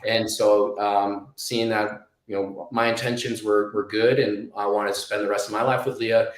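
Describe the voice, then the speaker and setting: A man's voice: fairly low pitch, level tone, moderate pace, reverberant, rough recording. A man in his thirties telling a personal story as an interview guest, rambling with many restarts and fillers.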